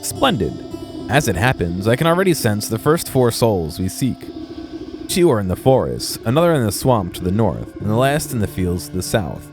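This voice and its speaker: A man's voice: lowish voice, sing-song, normal speed, over music. A man voicing a scheming, impatient male demon goat in a video game, speaking with a mocking drawl. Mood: smug.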